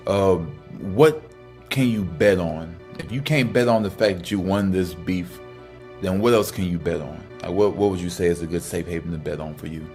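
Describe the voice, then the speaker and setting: A man's voice: normal speed, darkish tone, soft background music. A man conducting a joking mock interview, playful and incredulous with his guests. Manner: playful, incredulous, high-pitched when exasperated. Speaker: comedy interviewer.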